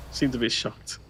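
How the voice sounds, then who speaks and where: A man's voice: fairly bright tone, slight background noise. Chatty man laughing between remarks. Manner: chatty, laughs often, reads out viewer comments. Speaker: stream co-host. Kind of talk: casual livestream chat.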